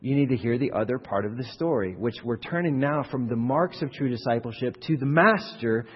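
Husky-voiced man preaching in a hall. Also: mid-range voice, fairly quick. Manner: animated, acts out quoted voices, repeats words. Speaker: pastor. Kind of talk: sermon. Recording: muffled hall recording from a distance.

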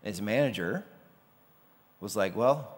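A man gives a relaxed, conversational sermon at a middle pitch. His voice rings out with a long reverb tail from a large hall. Now and then he slips into the voices of the people he quotes. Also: normal speed. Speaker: pastor.

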